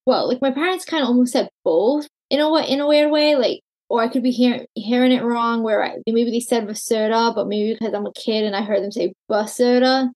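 A woman co-host with a somewhat high voice, chiming in on a casual podcast chat. She reacts with short replies and laughs, then adds her own stories. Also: a little fast, hardly any pauses, darkish tone.

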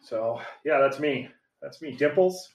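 A man in his forties trades crude, self-mocking jokes while co-hosting a podcast. His voice sits at an ordinary pitch. It comes from a little way off the mic, in a room with a noticeable echo. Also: a little slow, a little mellow, recorded from a distance. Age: 40s. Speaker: podcast co-host. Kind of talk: casual chat.

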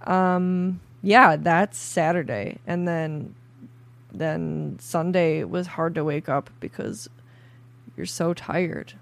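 A young woman co-hosting a podcast, chatting casually, bubbly and quick to laugh. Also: deep voice, fairly even intonation, creaky. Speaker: podcast co-host. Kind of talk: casual chat.

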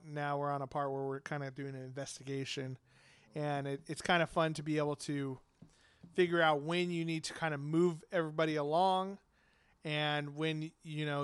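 A man's voice: a little high, fairly bright tone, clean tone, no echo. A man chatting casually as a podcast host about running a tabletop game, rambling with lots of fillers and laughter. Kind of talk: casual chat.

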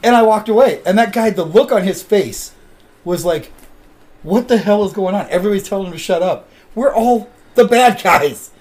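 Animated, lively-voiced man telling stories. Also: high-pitched, moderate pace. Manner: animated storyteller. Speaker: podcast host. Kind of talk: casual chat.

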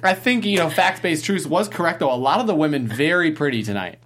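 Low-voiced playful woman hosting. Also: animated, fairly quick, slight background noise. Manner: leads questions, playful. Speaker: host. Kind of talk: casual panel chat.

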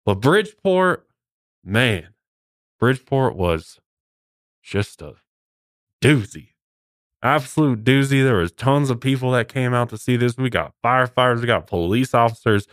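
A male podcast host narrating with theatrical, mock-serious drama. His pitch swings widely from line to line. His voice sits at a middle pitch. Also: lively intonation, a little slow, pauses often, dry recording, studio quality.

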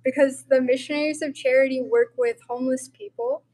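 High-voiced young woman telling a story. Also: brisk, low-quality recording. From Montana, USA. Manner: animated storytelling full of "like". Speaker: guest. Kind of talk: personal testimony in casual chat.

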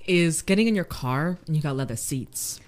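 A woman's voice: low-pitched, lively intonation, moderate pace, darkish tone. A woman co-hosting a podcast in casual chat, rambling through complaints with lots of fillers. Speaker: podcast co-host.

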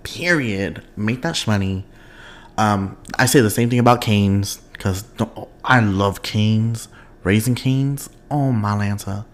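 A young man hosting his own podcast in casual, expressive chat, laughing often and wandering off on tangents. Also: fairly low pitch, takes it slowly. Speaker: podcast host.

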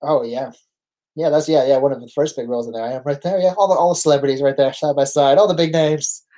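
Canadian guy in his 40s, wrestler guest, animated storyteller, does little voices for quotes. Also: fairly high pitch, fast. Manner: animated anecdotes, acts out quoted lines, laughs easily. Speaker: guest, veteran pro wrestler. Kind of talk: casual storytelling chat.

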